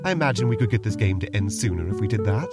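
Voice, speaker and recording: A man's voice: on the low side, lively intonation, rapid-fire, over loud music. A man co-hosting a comedy show, answering his partner in a dry, skeptical, prim way. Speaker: co-host. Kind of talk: comedic improvised role-play banter.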